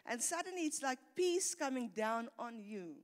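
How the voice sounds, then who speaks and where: A woman's voice: fairly high pitch, expressive, normal speed. A middle-aged woman pastor, preaching an earnest sermon that builds in intensity and often repeats words. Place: church hall. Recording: long reverb of a church hall.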